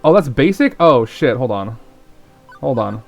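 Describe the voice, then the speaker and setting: A man's voice: medium pitch, very animated, measured pace, creaky. Male streamer, mid-range voice, muttering choices aloud, faint music under. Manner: thinks aloud over choices, swears, muttered reactions. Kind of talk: live-streamed game playthrough, reading aloud.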